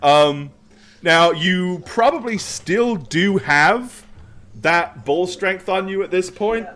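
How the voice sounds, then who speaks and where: A man's voice: high-pitched, expressive, slow, fairly bright tone. A man narrating a tabletop role-playing game as game master, casual and loose with fillers. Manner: casual, with many fillers and laughs.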